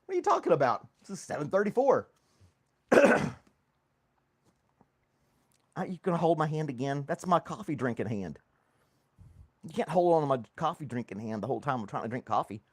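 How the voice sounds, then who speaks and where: A man hosts a casual coffee podcast live stream from his home studio, which has foam on the walls, chatting and laughing often as he reads chat and talks to his dog. His voice is fairly high and sing-song with a breathy edge, fairly quick but with frequent pauses.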